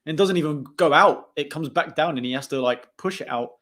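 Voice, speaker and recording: A man's voice: fairly high pitch, brisk, a bit bright. Chatty young man hosting. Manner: chatty, laughing often. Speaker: host. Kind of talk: casual post-match football chat.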